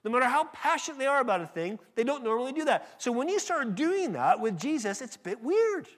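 A man with an American accent preaching a sermon in a lively, conversational way, often restarting sentences and acting out little exchanges. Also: extremely high pitch, brisk. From California. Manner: animated, conversational preaching with restarts and acted asides. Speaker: pastor.

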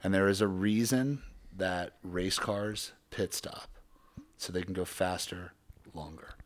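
A man's voice: low voice, unhurried. A man appearing as a podcast guest, talking as a performance coach in an earnest, motivational way. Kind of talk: casual podcast chat.

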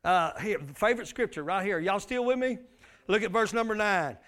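A man's voice: sits high, animated, normal speed, fairly bright tone. A male pastor, preaching a sermon with emphatic call-and-response.

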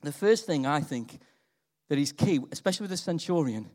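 A man's voice: on the high side, a little fast. A middle-aged man preaching a sermon, telling stories and quizzing his congregation. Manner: animated storytelling, quizzing the congregation. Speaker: pastor. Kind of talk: lively sermon.

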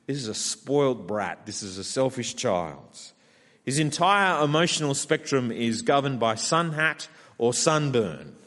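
A man with an Australian accent preaching a sermon, acting out a sulky character's complaints in a lively way. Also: medium pitch. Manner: animated, acts out Jonah's whiny complaints. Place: church hall. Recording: long hall reverb.

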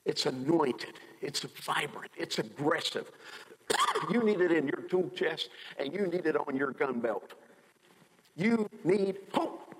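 A man's voice: on the high side, animated, slow pace, a bit bright, big-room sound, a little hiss or hum, low-quality recording. A male pastor delivering an emphatic sermon, acting out the people he quotes in a raised, dramatic voice. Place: church sanctuary.

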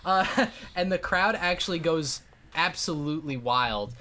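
Man, game master, casual narration, lots of fillers, slightly high voice. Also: animated, a little slow, sharp tone.

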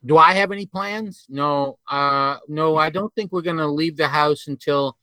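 A middle-aged man from New England with a New England accent, speaking as a podcast guest in a wry, deadpan way. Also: fairly high pitch, moderate pace, no room sound. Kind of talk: casual banter.

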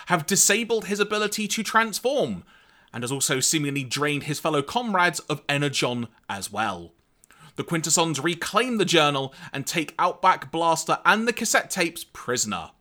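Bright, lively man recapping. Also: a little high. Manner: animated, wry, summarizes plot with quoted lines. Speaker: podcast co-host recapping a cartoon episode. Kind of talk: casual recap chat.

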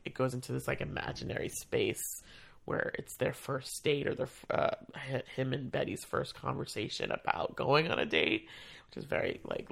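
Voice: mid-range voice, gravelly, a bit bright, breathy edge. An adult who works in theater education tells a personal story in a casual, chatty way, with lots of fillers, and acts out what people said. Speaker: theater education staff member.

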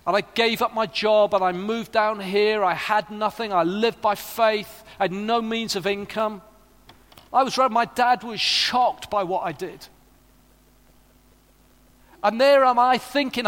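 A man's voice: high-pitched, a bit bright. A middle-aged man preaching a sermon, earnest and rising to fervent appeals. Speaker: pastor. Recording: long reverb of a large hall.

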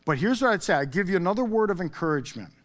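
A man's voice: sits high, racing. A man preaching a sermon in a conversational way, often checking in with "okay?" and "all right?". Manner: conversational, animated, with frequent "okay?" asides. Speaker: pastor.

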